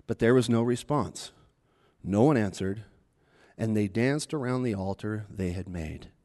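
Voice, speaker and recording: A man's voice: medium pitch, a little mellow. A man preaching a sermon in a chatty, conversational way, retelling a story and acting out the taunts with a rising voice.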